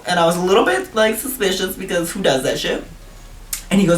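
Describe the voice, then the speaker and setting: A young man telling a storytime vlog in a sassy, animated way. He swears freely and his pitch jumps high when he gets outraged. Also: brisk, recorded from a distance, faint music behind. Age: young adult. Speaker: vlogger. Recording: roomy echo, a little off-mic, faint hiss.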